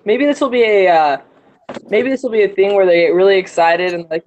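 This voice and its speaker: A young adult student chatting casually in a study group on a call, joking and quick to laugh. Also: mid-range voice, darkish tone. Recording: dull audio with faint noise.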